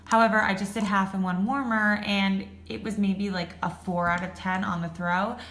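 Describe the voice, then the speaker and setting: A woman's voice: mid-range voice, steady tone, moderate pace, fairly bright tone, roomy sound. A woman vlogger chatting casually about home fragrance, swearing now and then and laughing at herself. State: voice cracking. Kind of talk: casual chat.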